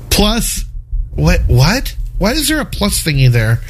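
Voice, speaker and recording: A man's voice: fairly high pitch, slight background noise. A man co-hosting an internet radio show, reading listener messages aloud in casual chat.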